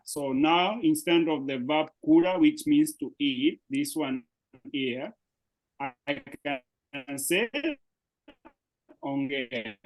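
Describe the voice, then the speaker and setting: Man, somewhat high voice, patient teacher, explaining step by step, video call audio. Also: low-quality recording. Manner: patient, explanatory, checks often with "right?". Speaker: Swahili teacher. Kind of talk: live online language class.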